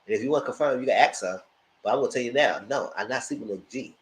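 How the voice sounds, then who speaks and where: A man giving blunt, profane live commentary on reality TV episodes, acting out cast members' lines in high voices. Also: quick pace, reverberant, slight background noise, rough recording. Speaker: reality TV reviewer. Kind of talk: live casual recap commentary.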